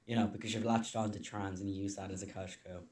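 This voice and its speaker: Blunt low-voiced man ranting. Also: flat delivery, quick pace, darkish tone, slight background noise. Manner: blunt, angry, swearing. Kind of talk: blunt video rant.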